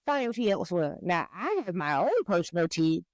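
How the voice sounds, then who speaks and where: A woman's voice: on the low side, big pitch swings, fairly quick, a little mellow, no echo, rough recording. A woman from the American South hosting a podcast in a playful, giggly, teasing chat. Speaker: podcast host. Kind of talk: casual chat.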